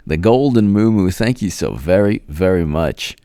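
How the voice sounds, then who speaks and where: A man's voice: low voice, lively intonation, normal speed, few pauses, mellow, clear, resonant tone, no echo, clean studio sound. A man hosting a casual live stream, rambling as he thanks viewers by name and now and then drawing words out in a sing-song. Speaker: political commentary host. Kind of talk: casual livestream chat.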